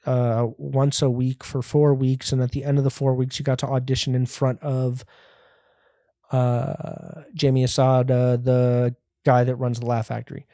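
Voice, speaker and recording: A man's voice: medium pitch, little pitch movement, a little slow, dark tone, dry recording, clean studio sound. A man, a comedian hosting his own podcast, rambling through a profane, self-mocking solo rant.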